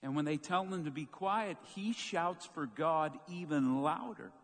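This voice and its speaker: A man preaching a sermon as pastor, telling a story with lively, acted-out moments. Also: a little high, unhurried. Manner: animated storytelling, acts out quoted shouts. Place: church sanctuary. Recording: long church hall reverb.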